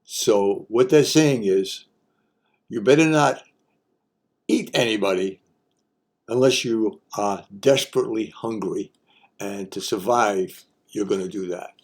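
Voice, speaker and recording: A man's voice: lowish voice, slow pace, pauses often. An older man hosting a casual explainer, talking in a folksy, wry way with joking asides. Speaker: host.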